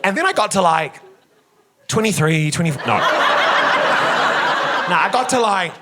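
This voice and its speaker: A man performing stand-up comedy on a theatre stage, telling self-mocking stories in a camp, animated way. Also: high voice, measured pace, heavy background noise. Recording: loud audience laughter in a theatre.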